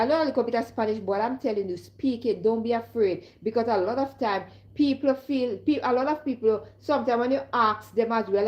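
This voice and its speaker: A woman's voice: on the high side, muffled recording. A woman with a Caribbean accent talking casually to her viewers as a live streamer, emphatic and repeatedly asking if they understand. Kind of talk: casual direct-to-camera monologue.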